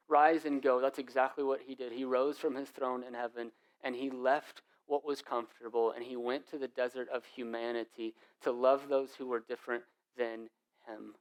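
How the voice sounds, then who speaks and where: A young adult man, the lead pastor of a church, preaching a sermon in an animated, casual storytelling way with lots of slang. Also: medium pitch.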